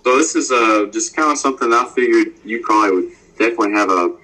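A man's voice: mid-range voice, fast, pushed and bright, poor audio. A man hosting a podcast interview, asking his question hesitantly with many fillers. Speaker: podcast host.

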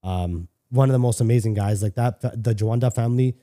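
A middle-aged man from Canada, a guest on a podcast, speaks briskly in a medium-pitched voice with a dark tone. He tells a personal story in a casual, candid manner, cursing freely and restarting sentences often.

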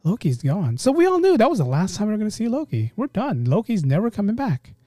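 A man hosting a casual solo podcast, talking in an animated, rambling way and often cutting himself off mid-thought. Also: high voice, fast talker, no echo, clean studio sound, soft background music. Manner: animated, rambling, self-interrupting. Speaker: podcast host.

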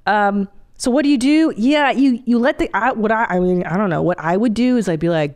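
A woman's voice: mid-range voice, fairly quick, few pauses, a little mellow. Woman podcast host, forties, blunt, swears a lot, laughs often, casual comedic monologue.

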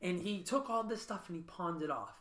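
A man's voice: high voice, a little fast, a bit bright, echoey room. A man hosting a podcast, talking in an earnest, reflective way and often checking in with "right?". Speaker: podcast host. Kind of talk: casual interview chat.

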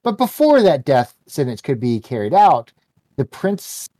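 A man's voice: fairly high pitch, very animated, measured pace, dark tone, no room sound. A man co-hosting a podcast, reading a comic aloud in casual chat, rambling and joking with many ums and restarts. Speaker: podcast co-host.

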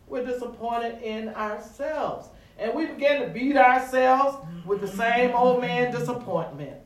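A man preaching a sermon with call-and-response, stretching words with dramatic pauses and rising to shouts. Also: very high voice, far from the mic. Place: church sanctuary. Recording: echoey room, voice from afar.

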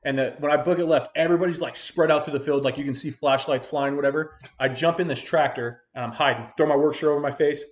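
A man's voice: a little high, fairly even intonation, quick pace, hardly any pauses. A young man in his twenties hosting a podcast, telling a long story in a rambling, profane way full of fillers. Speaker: podcast host. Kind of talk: casual storytelling chat.

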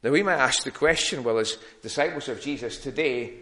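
A man's voice: medium pitch, a little fast, bright, forceful tone. A middle-aged man, a pastor, preaching an earnest, plain-spoken sermon with frequent restarts.

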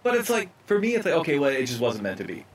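A man's voice: a little high, huge pitch swings, racing, distant mic, a little hiss or hum. A man hosting a podcast outdoors at his house, rambling in a casual way with plenty of fillers. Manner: rambling, conversational, many fillers. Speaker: podcast host, photographer.

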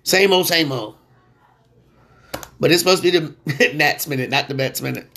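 A man hosting a sports podcast in a casual, slangy way, getting loud and excited when he rants. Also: on the high side, normal speed, vocal fry.

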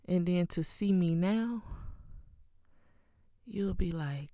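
Woman, low-pitched and raspy, fervent informal preacher sharing her testimony. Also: steady tone, measured pace, mellow, dry recording, clean studio sound. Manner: fervent, repeats phrases for emphasis, calls listeners "child" and "honey"; laughs between lines.

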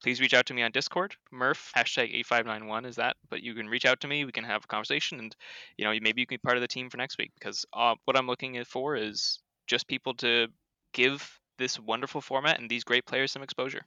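A man's voice: mid-range voice, fairly even intonation, fast, bright, forceful tone, clean tone, dry recording. A Canadian man with a Canadian accent, a league organizer chatting casually on a podcast and explaining things at length.

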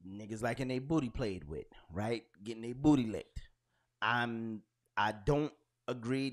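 A man co-hosting a podcast, talking in loud, animated, profane banter and storytelling. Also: mid-range voice. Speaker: podcast co-host. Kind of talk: casual banter.

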